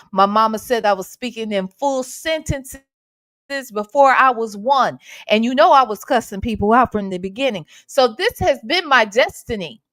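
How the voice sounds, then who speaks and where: A high-voiced woman runs a casual livestream in a sassy, playful way, calling out her viewers one by one. Her pitch leaps and dips with a lot of life, and she takes her time. The sound is dry and close, with no room around it. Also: fairly bright tone, dry recording. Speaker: livestream host.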